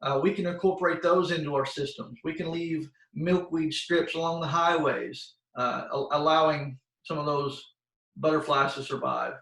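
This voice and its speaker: A man's voice: on the high side, steady tone, normal speed, gravelly, a bit bright. A man giving an informal, plain-spoken educational talk to schoolchildren, full of fillers and restarts, over a video call. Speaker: soil health expert presenting to schoolchildren. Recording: roomy sound, voice far from the mic.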